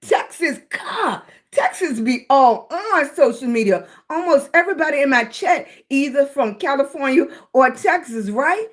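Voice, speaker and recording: High-voiced affectionate woman streaming. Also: lively intonation, unhurried. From Virginia, US. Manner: affectionate, greets viewers as baby and sweetie. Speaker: live streamer. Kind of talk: casual livestream chat to viewers.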